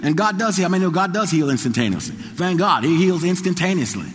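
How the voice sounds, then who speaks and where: A man's voice: high voice, fast, hardly any pauses, in a large hall. A man preaching a sermon, telling a story with many repeats and stammers. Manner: repeats phrases, stammers, builds to excited shouting. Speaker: pastor.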